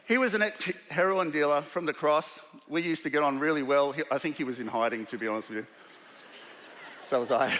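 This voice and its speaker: A man's voice: fairly high pitch, brisk, a little hiss or hum. Australian man telling a story in a hall. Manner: animated, acts out the voices of people in the story. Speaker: keynote speaker. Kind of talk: storytelling talk to a live audience. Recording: long hall reverb.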